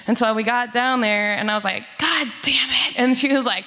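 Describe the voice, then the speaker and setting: A young woman's bright, fairly high voice carries through a reverberant church hall. She tells an offhand, chatty story with lots of likes and quick laughs, the way an outreach worker talks about a friend. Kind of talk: memorial remembrance story. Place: church sanctuary. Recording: echoey church hall over speakers.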